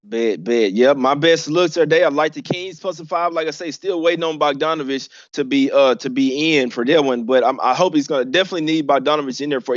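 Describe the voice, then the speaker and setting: A man's voice: medium pitch, no room sound, dull audio. A man hosting a sports betting show, talking in a loose, slangy and laid-back way. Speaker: show host. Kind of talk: casual betting show chat.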